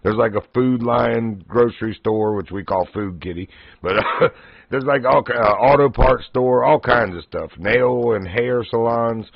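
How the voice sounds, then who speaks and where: A man spins casual, folksy stories on his livestream and keeps breaking into laughter. His voice sits in a middling pitch. The audio is dry and a little dull and lo-fi. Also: unhurried, creaky, no echo. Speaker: livestream host. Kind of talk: casual storytelling.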